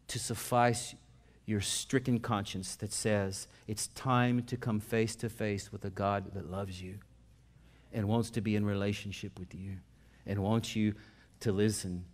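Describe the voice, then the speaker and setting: A male pastor with a lowish voice preaches in a folksy, conversational style. He rises into loud, emphatic passages and then sinks into quiet personal stories.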